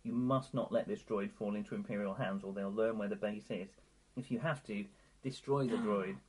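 A man's voice: lowish voice, steady tone, moderate pace, a little mellow, rough recording. Game master type, a man reading scene narration, light background hiss. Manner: reads scene narration and character messages, laughing often.

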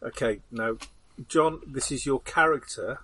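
A man's voice: mid-range voice, measured pace, a bit bright, a little hiss or hum, poor audio. A man playing a tabletop game, joking around and often trailing off mid-sentence. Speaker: player. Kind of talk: casual tabletop chat.

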